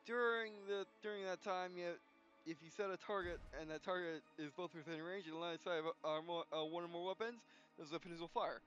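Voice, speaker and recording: A man hosting a gameplay video, reading tutorial text aloud with halting restarts and yawns. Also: high-pitched, fairly bright tone, lo-fi sound, soft background music. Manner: halting, frequent restarts, yawning. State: yawning.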